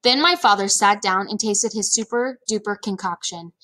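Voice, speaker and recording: A woman reading a children's chapter book aloud in a lively, expressive storytelling manner. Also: mid-range voice, moderate pace. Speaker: read-aloud narrator.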